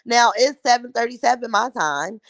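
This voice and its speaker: Middle-aged woman, livestream host, blunt mocking talk, fairly high voice, dry close sound. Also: lively intonation, normal speed, fairly bright tone, dry recording. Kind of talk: casual chat reacting to live viewer comments.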